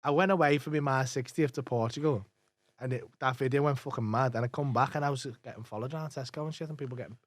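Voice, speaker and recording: Cursing freely, this male comic rattles through quick stories in a relaxed podcast conversation, performing what each person said. The recording has no room sound, and his voice sits in the mid range.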